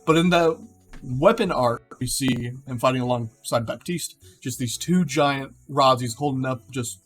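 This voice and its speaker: A man's voice: medium pitch, a little slow, a bit bright, faint music behind. A young man casually rambling through game hero concepts, with many fillers and self-corrections. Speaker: gaming video creator.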